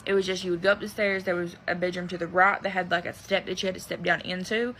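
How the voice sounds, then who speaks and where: A woman's voice: lowish voice, steady tone, quick pace, fairly bright tone, slight background noise, poor audio. A woman in a confiding, earnest way telling a creepy story she has rarely shared, stretching words for emphasis. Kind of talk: confessional storytelling.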